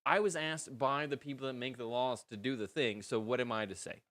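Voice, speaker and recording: A man with a Canadian accent, co-hosting a stream and spinning an absurd, stop-start tall tale in a deadpan way. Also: medium pitch, fairly quick, no room sound. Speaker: co-host. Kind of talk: absurd improvised storytelling, casual chat.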